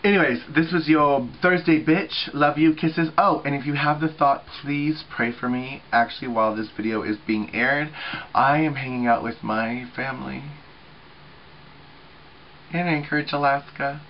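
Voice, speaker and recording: A man in his thirties talks to his webcam in a loose, chatty way, swearing freely and filling gaps with ums and asides. His voice sits in a middle pitch, and the recording sounds a little muffled, with faint hiss underneath. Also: normal speed. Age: 30s. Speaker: vlogger on a group channel. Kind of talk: casual weekly video chat.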